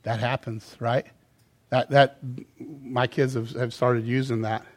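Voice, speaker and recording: Middle-aged male pastor mid-sermon, lively delivery with sudden loud and soft swings. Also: medium pitch, takes it slowly. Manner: animated, swinging between loud emphasis and quiet asides.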